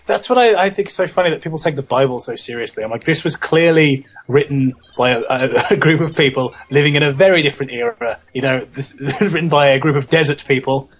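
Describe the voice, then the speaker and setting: A man's voice: fairly high pitch, fairly quick, few pauses. A man from Britain, co-hosting a let's play, telling stories in an irreverent, rambling way. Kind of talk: casual podcast chat.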